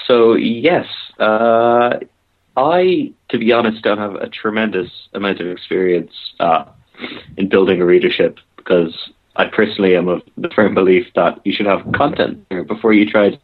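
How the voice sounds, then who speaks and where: A man co-hosting a casual podcast chat with wry, self-deprecating humor. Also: low-pitched. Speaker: podcast co-host. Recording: tinny phone-like line.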